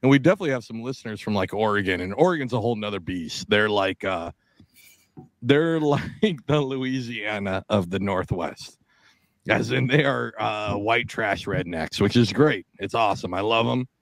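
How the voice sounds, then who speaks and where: Gravelly-voiced man telling stories. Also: fairly low pitch, lively intonation, moderate pace, dry recording. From Seattle, Washington. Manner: profane, storytelling, mimics other people's voices. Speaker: podcast co-host. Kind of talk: casual podcast chat.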